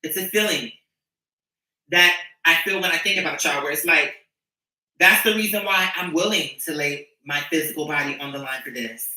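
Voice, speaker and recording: A woman's voice: low-pitched, moderate pace, pushed and bright, far from the mic. A woman giving an impassioned, profane livestream monologue to her followers, ranting and preaching. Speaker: streamer addressing her followers. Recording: echoey room, voice off-mic.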